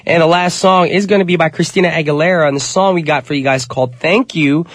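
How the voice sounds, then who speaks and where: Upbeat male radio DJ, a little high-pitched, nasal from a cold, dry studio sound. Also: quick pace, no room sound. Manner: upbeat, chatty, addresses listeners as you guys. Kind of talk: casual radio DJ patter.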